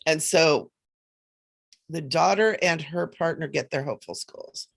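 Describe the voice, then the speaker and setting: A woman hosting a casual psychic livestream, chatty and animated, often laughing as she reads cards. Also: deep voice, measured pace, creaky. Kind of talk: casual livestream chat with card readings.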